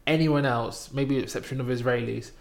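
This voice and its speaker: A man's voice: mid-range voice, quick pace, vocal fry. A man from Britain casually telling a personal travel story in conversation, acting out other people's lines with raised voices. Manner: animated storytelling, acting out quoted voices loudly. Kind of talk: casual chat, anecdote.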